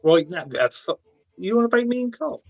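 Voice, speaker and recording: A man's voice: extremely high pitch, lively intonation, brisk, vocal fry, no room sound. Chatty Bristol man, dull lo-fi sound. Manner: chatty, laughs often, says bloody and mate. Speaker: guest. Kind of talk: casual chat.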